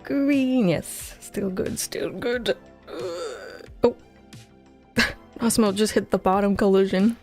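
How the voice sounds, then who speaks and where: This woman's warm, mid-range voice comes slowly and with frequent pauses as she livestreams her game coding. A game dev streamer in casual chat, she sounds tired and jokes at her own expense in a scattered manner, close on a headset mic with soft music behind.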